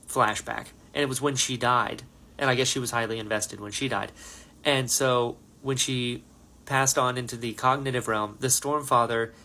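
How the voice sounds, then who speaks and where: A man of middle pitch reacting to a book he just finished, talking casually in his own voice. He rambles and gets excited, and his talk is full of fillers.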